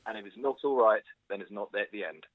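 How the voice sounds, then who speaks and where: A man's voice: on the low side, quick pace, no room sound. A cheerful man chatting casually on a call to a show, speaking reassuringly to listeners. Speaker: caller. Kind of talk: casual phone chat. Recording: tinny phone line.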